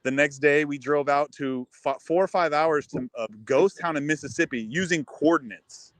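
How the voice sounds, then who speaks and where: A man tells stories on a live talk show, his voice on the higher side and bright. The sound is dry and close. He talks in an animated, casual way and keeps restarting his sentences. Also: normal speed, no room sound, low-quality recording. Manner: animated storytelling, lots of restarts. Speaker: musician guest. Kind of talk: casual chat.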